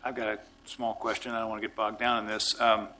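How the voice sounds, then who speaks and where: Bright-voiced man chairing a council. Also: lowish voice, level tone, quick pace, slight background noise. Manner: informal, thinking aloud with small jokes. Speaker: mayor chairing a city council meeting. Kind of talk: presiding over a public meeting.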